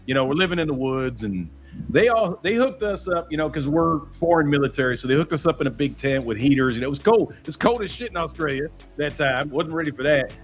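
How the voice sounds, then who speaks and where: This livestream host from the United States has a slightly high, expressive voice and talks briskly. He keeps things relaxed, wandering through stories in casual chat and leaning heavily on fillers.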